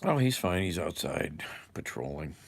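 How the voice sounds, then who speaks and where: A man's voice: low-pitched, big pitch swings, moderate pace, vocal fry, breathy edge. A man chatting casually on a livestream, rambling and chuckling as he reads viewer comments. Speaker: live streamer. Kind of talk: casual livestream chat while eating.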